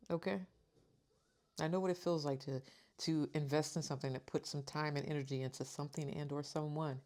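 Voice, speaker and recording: A woman's voice: low-pitched, darkish tone. A woman giving a tarot reading to her viewers, talking earnestly and reading out card meanings. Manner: earnest, emotional, repeats reassurances; reads card descriptions aloud. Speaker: tarot reader.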